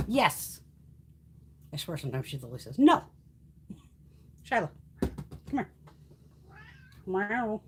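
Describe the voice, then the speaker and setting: A woman hosting a casual beauty livestream, chatting with viewers, swearing freely and coaxing her cat in a high sing-song voice. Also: very animated, unhurried, long pauses, slight background noise.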